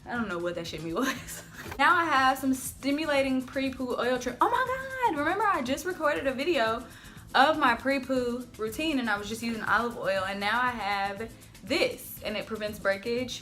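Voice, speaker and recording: An excitable woman chatters through a casual unboxing at home, her voice bright and ringing and pitched a little high. Soft music plays faintly underneath her. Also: moderate pace. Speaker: vlogger unboxing hair products. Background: faint background music.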